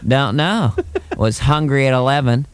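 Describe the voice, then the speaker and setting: Comic man's evasive older politician impression, clipped halting fragments, mid-range voice. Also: mid-range voice, smooth, no room sound, close to an everyday voice.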